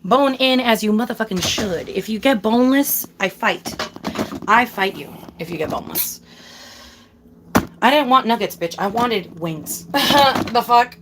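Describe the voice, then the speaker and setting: A woman's voice: on the high side, a little slow, background noise. A young woman ranting casually on a livestream, swearing a lot and repeating herself for emphasis.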